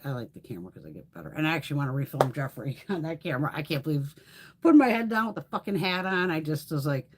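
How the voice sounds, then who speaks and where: Chatty, foul-mouthed woman, lively pitch. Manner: chatty, profane, laughs often. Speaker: beauty livestream host. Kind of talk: casual livestream chat.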